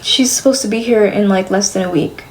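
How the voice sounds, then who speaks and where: A woman's voice: medium pitch, a little fast, a little hiss or hum. A young woman streamer venting to her chat, exasperated and swearing as she rambles.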